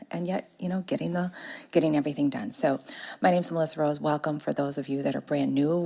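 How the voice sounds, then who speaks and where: A woman talks in a casual podcast monologue, upbeat and chatty, laughing often. Her voice sits low with a gravelly, slightly husky texture. She records from a corner of her home. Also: mellow. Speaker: podcast host and business coach.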